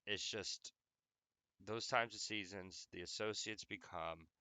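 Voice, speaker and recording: The host, a young adult man, talks slowly through a rambling, joking, profane monologue on his audio podcast, saying "like" a lot. His lowish voice is pushed and bright yet clean, and the recording is dry.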